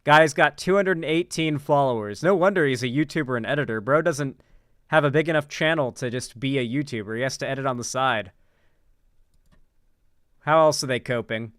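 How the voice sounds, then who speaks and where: A man's voice: mid-range voice, normal speed, fairly bright tone, no echo. A man hosting casual political commentary, sarcastic and rambling with lots of filler words. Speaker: host. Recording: dry close-miked room.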